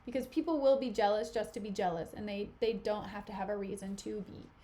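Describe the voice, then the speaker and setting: A woman's voice: mid-range voice, fairly quick, warm tone. A woman streamer reading a play aloud and explaining it in casual, slangy asides. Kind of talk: casual read-through with slangy paraphrase.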